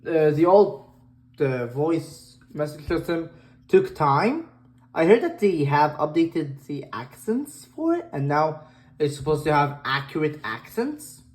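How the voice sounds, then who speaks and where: Woman YouTuber, low and slow, hesitant casual commentary. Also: big pitch swings, a little mellow. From Egypt. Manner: hesitant, many fillers and restarts. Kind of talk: casual tech reaction commentary.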